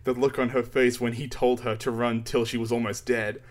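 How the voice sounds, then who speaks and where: A man chatting casually, retelling a story in an animated way with frequent laughter and swearing. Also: mid-range voice, moderate pace. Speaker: podcast co-host. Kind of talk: casual chat retelling a manga chapter.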